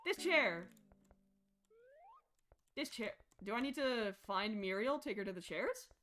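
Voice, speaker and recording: A woman's voice: mid-range voice, measured pace, a little hiss or hum. A young woman streaming a horror game, chattering jokingly to herself and shrieking and laughing when something startles her. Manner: excitable, shrieks and laughs when startled, jokey self-talk. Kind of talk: live horror game commentary.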